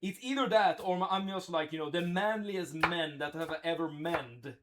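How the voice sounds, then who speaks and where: A cooking livestreamer whose voice is on the high side speaks at a moderate pace amid background noise. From his home kitchen he offers casual live commentary, musing aloud and chatting with his audience.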